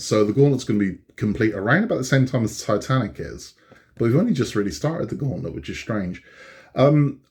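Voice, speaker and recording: A middle-aged man chats casually in a fairly low voice. He rambles easily, restarts his sentences and laughs often as he talks. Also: darkish tone. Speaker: channel host. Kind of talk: casual chat.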